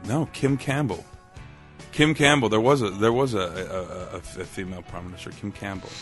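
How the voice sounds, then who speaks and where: A man's voice: on the low side, brisk, fairly bright tone, faint music behind. A man from Canada, a guest on a casual podcast, talking hesitantly with many restarts and sounding tired.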